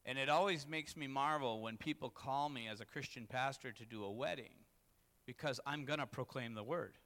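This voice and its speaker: A man's voice: mid-range voice, normal speed, a bit bright. A man, a pastor, preaching a candid, confessional sermon that rises to emphatic peaks. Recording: long reverb in a hall.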